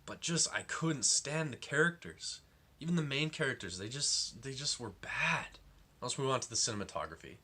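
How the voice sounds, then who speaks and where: A man's voice: medium pitch, lively intonation, moderate pace, bright, forceful tone, slightly rough. A young man giving a casual, rambling film review, full of fillers and exasperation.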